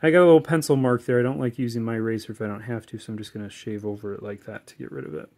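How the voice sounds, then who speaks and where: A man teaching a whittling lesson step by step, in a relaxed, chatty way with corny jokes and plenty of fillers. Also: medium pitch, very fast. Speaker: woodcarving instructor. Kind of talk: casual step-by-step tutorial.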